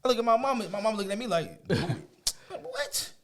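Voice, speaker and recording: A man, a guest on an interview show, telling a personal story in a casual, animated way, often laughing and acting out quotes. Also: high-pitched, rapid-fire.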